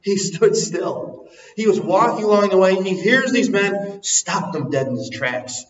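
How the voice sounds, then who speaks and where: Preacher in an echoey hall. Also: male voice, big pitch swings, normal speed. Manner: swings from soft and low to loud and soaring, sings a hymn line. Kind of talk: sermon. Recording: echoey hall, recorded from a distance, muffled.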